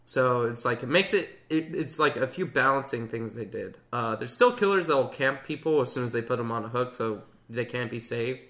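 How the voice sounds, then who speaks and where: A man's voice: mid-range voice, lively intonation, a little fast, few pauses, fairly bright tone. A young man in casual gaming chat, telling stories with lots of energy and acting out other players in raised voices.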